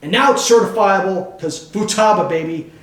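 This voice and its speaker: A man's voice: sits high, moderate pace. A man hosting a casual hobby video, talking to camera in a joking, rambling way with playful asides. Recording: echoey room with faint hum.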